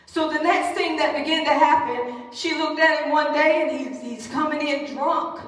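At a normal speed, a high-voiced woman preacher animatedly tells a story to her congregation as part of a sermon. She sounds distant, captured in a large hall with long, ringing reverb.

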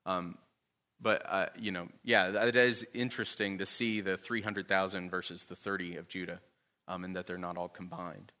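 A man's voice: low-pitched, level tone, moderate pace, pushed and bright. A man teaching a Bible class in a conversational way, often checking in with his listeners.

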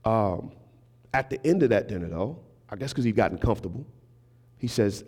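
A man's voice: on the low side, animated, moderate pace, darkish tone, husky. A man preaching as a guest minister, telling stories conversationally and talking directly to his congregation. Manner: conversational storytelling, acting out quoted voices; engages the congregation with asides. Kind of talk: sermon. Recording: reverberant hall.

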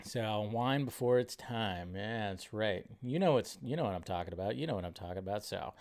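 A man's voice: lowish voice, expressive, a little fast, darkish tone. A young man hosting a casual live stream, chatting loosely and greeting viewers by name. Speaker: live show host.

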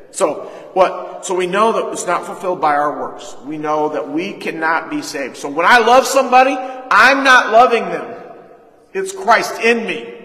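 A man's voice: a little high, sharp tone. A man pastor preaching a sermon, putting questions to the congregation and answering them. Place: church hall. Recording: echoey hall.

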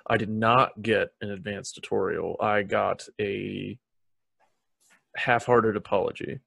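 Brief: low, gravelly man hosting a podcast, dry sarcastic delivery. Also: slow pace, no room sound. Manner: deadpan, sarcastic. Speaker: podcast host. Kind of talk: casual podcast chat.

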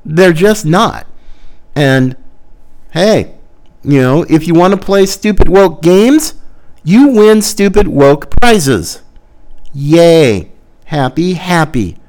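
Male podcast host, higher-pitched, sarcastic ranting monologue. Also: expressive, takes it slowly, pauses often, a little mellow. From Florida. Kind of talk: opinion monologue.

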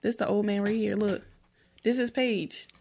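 A woman's voice: medium pitch, moderate pace, gravelly, husky. A young woman, co-hosting a casual chat and acting out the lines of people in her story. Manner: animated storyteller, acts out dialogue. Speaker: podcast co-host.

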